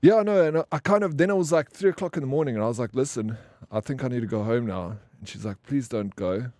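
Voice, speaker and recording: On a live game stream, a man chats and tells stories casually, using slang and swearing while animatedly acting out the people he quotes. His voice is medium-pitched, his pace quick, and there's no room sound.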